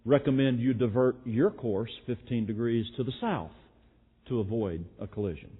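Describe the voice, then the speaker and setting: A man voicing a calm lighthouse keeper answering over the radio, speaking evenly and without hurry. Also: medium pitch, husky, natural voice. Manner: calm, even, unhurried. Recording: echoey hall, phone-like sound.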